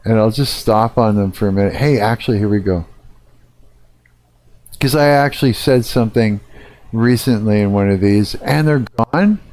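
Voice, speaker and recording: A man's voice: fairly low pitch, normal speed, darkish tone. A middle-aged man ranting casually on a live stream, swearing a lot and rambling with fillers.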